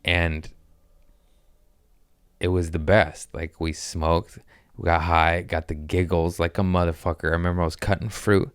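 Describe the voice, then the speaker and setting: A man's voice: low voice, a little slow, smooth, no echo, studio quality. A man in his thirties hosting a comedy podcast, telling crude stories in a casual, profane way and acting out the voices in them. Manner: profane, animated storyteller who acts out voices.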